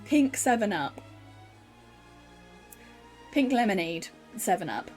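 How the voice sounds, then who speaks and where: A woman's voice: mid-range voice, animated, normal speed, a little mellow, faint music behind. Chatty British woman streamer. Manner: chatty, explains her own voice work. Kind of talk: casual game stream chat.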